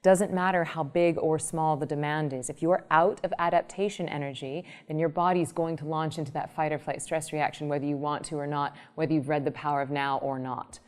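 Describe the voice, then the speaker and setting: A woman meditation teacher explaining her ideas in an interview, telling lively everyday examples. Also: sits low, fairly quick, hardly any pauses, smooth. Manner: animated storytelling, explanatory. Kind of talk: interview answer with acted examples.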